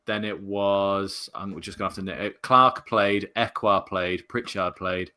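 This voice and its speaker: A man's voice: sits low, fairly even intonation, unhurried, sharp tone. A man hosting a casual football podcast, laughing often and running the chat polls. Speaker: podcast host.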